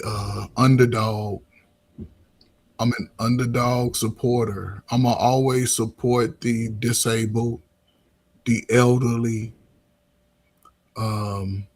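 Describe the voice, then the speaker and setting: A man's voice: medium pitch, slightly rough. A middle-aged man, a coach and former teacher, talking loosely in casual conversation with lots of restarts and filler words.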